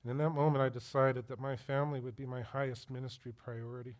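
A man's voice: medium pitch, flat delivery, quick pace. A middle-aged man preaching a sermon as pastor, telling personal stories and putting direct questions to his listeners.

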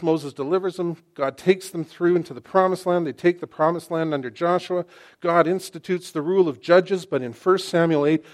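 A middle-aged man preaching a sermon in an animated, excitable, conversational way, often restarting his sentences. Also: fairly high pitch.

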